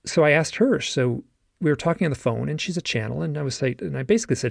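A man's voice: fairly high pitch, animated, quick pace, gravelly, dry recording, clean studio sound. A man hosting a conversational interview, telling an earnest story with many fillers. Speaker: podcast host.

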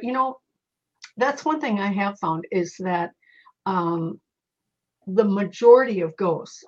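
A middle-aged woman with a husky, slightly breathy voice speaks as a medium guest in a casual interview. She tells her stories in a lively way, shifting into the voices of the people she quotes. The recording sounds a little dull and lo-fi. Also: medium pitch.

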